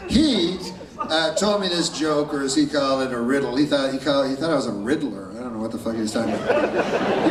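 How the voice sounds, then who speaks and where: A man doing a stand-up set with a deadpan, meandering delivery full of dark asides. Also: medium pitch, heavy background noise. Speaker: stand-up comedian. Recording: roomy live club recording from far off. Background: loud audience laughter.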